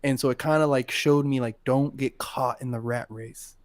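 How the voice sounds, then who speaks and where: A podcast co-host tells a personal story in casual, emotional talk laced with plenty of swearing. His voice is medium-pitched and steady, at normal speed, with no echo.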